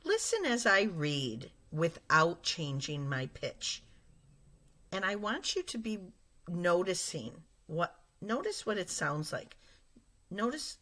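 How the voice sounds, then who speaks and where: A woman teacher giving a lesson to young children, explaining slowly and patiently and speaking straight to her class. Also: low-pitched, a bit bright. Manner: slow, patient and explaining, addressing children directly.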